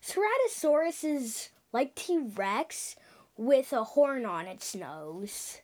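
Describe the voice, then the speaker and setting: A woman hosting a playful pretend time-travel dinosaur show, animated, with sound effects and sudden hushed whispers. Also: high-pitched, slow.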